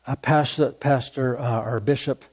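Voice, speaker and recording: A man preaching a sermon as pastor, emphatic and repetitive, with deliberate bursts of laughter. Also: medium pitch, steady tone, a little mellow, slightly rough.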